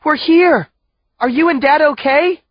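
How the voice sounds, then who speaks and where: A man's voice: a little slow, lo-fi sound. A man voicing a bold, impulsive teenage girl who calls out shrilly. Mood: frantic calling. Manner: shrill calling out.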